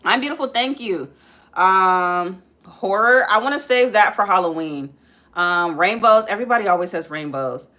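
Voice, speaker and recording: Working through her makeup on a live stream, this young mom talks casually to her "guys," fills pauses with frequent ums, and breaks off to scold her kids for climbing. Her medium-pitched voice is animated, pushed and bright, at a normal speed.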